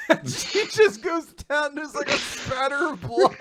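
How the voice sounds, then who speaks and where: A man's voice: extremely high pitch, very animated, takes it slowly, sharp tone. A man on a podcast casually recapping manga chapters, retelling scenes and quoting lines, often laughing. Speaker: podcast host.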